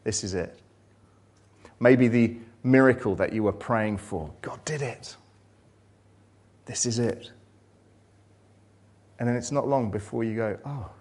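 A man preaching a sermon, reading scripture and retelling it dramatically, swinging from loud excitement to hushed, low passages. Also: measured pace, long pauses.

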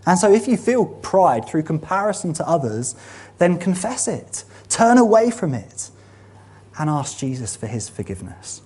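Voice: medium pitch, sing-song, normal speed, a little mellow, husky. A preacher giving a sermon in a church meeting room, earnest and building to emphatic peaks.

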